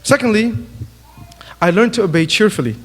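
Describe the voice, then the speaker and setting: A man giving a sermon to young people, telling animated stories and acting out little exchanges. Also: high voice, moderate pace. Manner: animated storytelling, acts out quotes. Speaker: youth speaker. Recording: long hall reverb.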